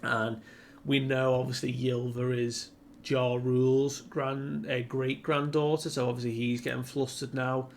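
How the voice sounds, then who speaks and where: A man casually recapping a comic chapter in a relaxed, rambling way with lots of fillers. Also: mid-range voice, measured pace, slight background noise. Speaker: manga commentator.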